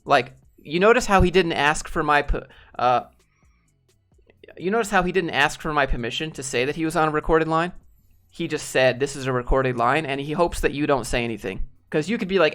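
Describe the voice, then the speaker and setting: A man's voice: fairly high pitch, a little fast, pushed and bright, faint music behind. A man talking casually and bluntly to his viewers, rambling with fillers and swearing now and then. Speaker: streamer talking to chat. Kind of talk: casual live-stream chat.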